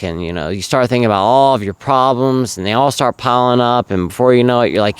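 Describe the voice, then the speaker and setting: Deep, smooth-voiced man rambling earnestly. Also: a little fast, few pauses, no room sound. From South Carolina. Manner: rambling, earnest, filler-heavy. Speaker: recovery vlogger. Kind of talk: casual monologue to camera.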